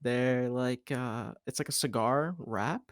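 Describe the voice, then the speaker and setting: A young man hosts a podcast, spinning a long story in a rambling, laid-back manner with lots of "like" and swearing. His voice is mid-range and slow-paced, captured with clean studio sound and no room sound.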